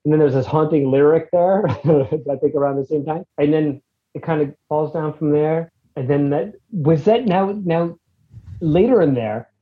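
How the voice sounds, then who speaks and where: A man in casual chat, describing a music track at length in a rambling, animated way, acting out his own reactions. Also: on the high side, moderate pace, phone-quality sound. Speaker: guest reviewing a music track.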